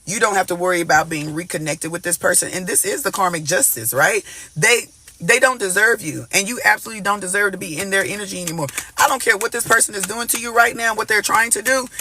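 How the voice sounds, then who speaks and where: Animated, bright-voiced man giving a tarot reading. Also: sits high, quick pace. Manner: animated, emphatic, repeats "y'all" and "like" constantly; breaks into snatches of gospel song. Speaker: tarot reader. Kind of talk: casual collective tarot reading.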